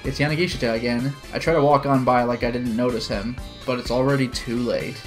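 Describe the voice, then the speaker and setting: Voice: medium pitch, steady tone, fairly quick, faint music behind. A streamer who reads a visual novel aloud as the narrator, chats with viewers, and laughs often. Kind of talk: live-streamed visual novel reading with commentary.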